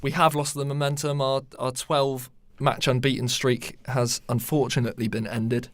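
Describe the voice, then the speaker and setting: A man's voice: medium pitch, little pitch movement, moderate pace, no room sound. English man chatting football, dry mic. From England. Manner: enthusiastic, fan-like. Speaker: podcast co-host. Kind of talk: casual football chat.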